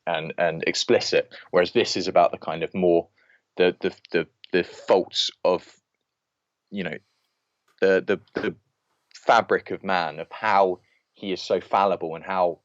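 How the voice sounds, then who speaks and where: Opinionated low-voiced man. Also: fairly even intonation, measured pace, no room sound. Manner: opinionated, rants with many restarts. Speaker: podcast co-host. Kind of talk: casual film-review chat. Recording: dull lo-fi podcast audio.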